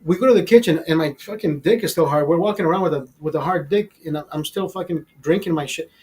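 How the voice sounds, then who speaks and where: A man's voice: fairly high pitch, quick pace, husky. Profane rambling man in his fifties. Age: 50s. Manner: profane, rambling, animated retelling with many restarts. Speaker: vlogger telling a personal story. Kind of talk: casual storytelling.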